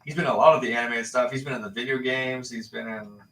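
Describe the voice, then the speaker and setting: A man's voice: medium pitch, steady tone, quick pace, fairly bright tone. A man in casual chat on a livestream, rambling and laid-back, swearing now and then. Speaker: livestream co-host. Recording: roomy, distant mic with faint noise.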